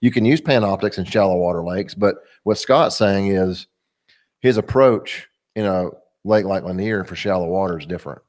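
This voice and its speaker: A man's voice: low-pitched, moderate pace, a little mellow. A man on a casual fishing show, speaking in a plainspoken, matter-of-fact way. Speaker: guest angler. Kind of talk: casual chat.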